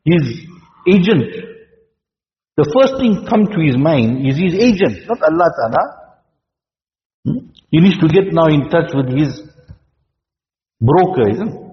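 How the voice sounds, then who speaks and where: A man giving an Islamic sermon, talking in a measured way and often checking in with the listeners with "hmm?" and rhetorical questions. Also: mid-range voice. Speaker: Islamic preacher. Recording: dull lo-fi recording in a reverberant hall.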